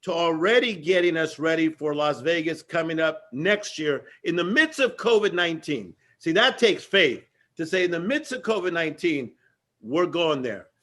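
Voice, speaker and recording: A man as guest giving an energetic motivational talk with a preacher-like rhythm and emphatic repetition. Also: on the high side, normal speed. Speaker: guest speaker.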